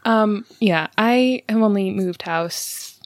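A woman's voice: medium pitch, takes it slowly, no room sound, clean studio sound. A woman hosting a podcast, chatting casually and laughing often. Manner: chatty and giggly. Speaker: podcast host.

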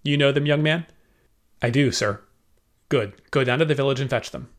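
A man voicing an older male governor who gives brisk, authoritative orders in an audiobook. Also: mid-range voice, natural voice. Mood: commanding.

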